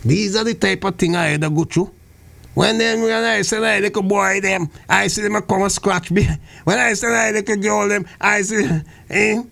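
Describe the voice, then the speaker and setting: Radio guy, super high scratchy voice, laughs a lot telling stories. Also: moderate pace, gravelly. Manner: animated, laughing, acting out scenes. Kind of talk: comic radio storytelling.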